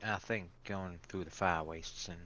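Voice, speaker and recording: A man's voice: low voice, fairly even intonation, measured pace, pushed and bright, a little hiss or hum. A man playing a tabletop game, asking hesitant questions and correcting himself as he goes. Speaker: player. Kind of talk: casual tabletop play.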